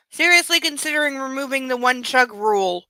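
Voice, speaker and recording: A woman's voice: high voice, pushed and bright, no echo, low-quality recording. A woman reading a novel aloud and breaking off into sarcastic, exasperated asides, in a close home recording. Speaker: book club reader. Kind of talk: comedic book reading with commentary.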